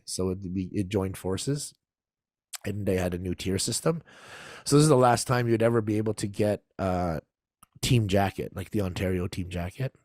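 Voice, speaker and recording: A man's voice: lowish voice, no echo, studio quality. Laid-back man telling a story. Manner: animated, acts out quoted voices, laughs often. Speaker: podcast guest. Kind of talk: casual storytelling.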